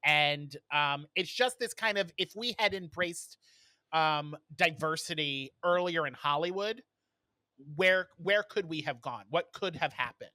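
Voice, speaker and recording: A man co-hosting a podcast, telling stories in casual chat with lots of ums and quick laughs. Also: fairly high pitch, sharp tone, dry recording. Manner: storytelling with many fillers and laughs. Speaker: podcast co-host.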